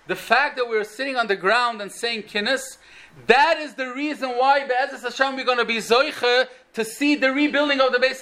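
Male rabbi with an Orthodox Jewish English accent, bright, sharp tone, lively storytelling sermon. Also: high voice. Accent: Orthodox Jewish English with Yiddish and Hebrew words. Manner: storytelling, animated, rising to emphatic peaks. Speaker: rabbi giving a talk. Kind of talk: Torah lecture.

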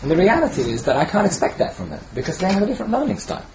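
Rapid-fire and high-voiced, with big pitch swings and a slightly mellow quality, a teacher gives a conversational Torah talk. He keeps asking "right?" and restarts words as he searches for them. The recording is rough, with a little hiss or hum.

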